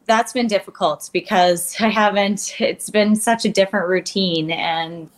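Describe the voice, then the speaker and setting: A woman's voice: medium pitch, fairly even intonation, a little slow. A woman from Canada, a guest in an interview, speaking openly and plainly about hard times in a candid conversation. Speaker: guest, athlete.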